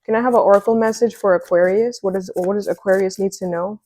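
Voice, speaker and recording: Woman, tarot reader, casual chatty delivery, excitable, dry close sound. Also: mid-range voice, fast, dry recording. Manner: chatty, excitable, many fillers.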